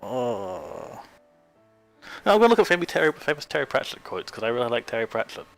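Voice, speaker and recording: A man's voice: medium pitch, very animated, fairly quick, creaky, faint music behind. A young Australian man with an Australian accent, chatting casually and rambling with self-amused asides as a streamer.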